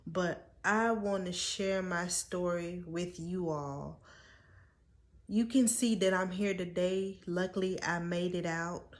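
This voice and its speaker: Slow, tearful woman pleading earnestly. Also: on the low side, steady tone. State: holding back tears. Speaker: vlogger. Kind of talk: storytime vlog.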